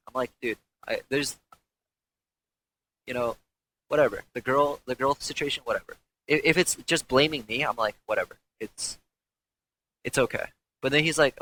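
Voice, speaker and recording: Bright-voiced young man telling a story, rambling. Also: a little high, animated, moderate pace, long pauses, slight background noise, rough recording. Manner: rambling, profane, frequent restarts. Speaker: former pro gamer. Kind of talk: candid interview storytelling.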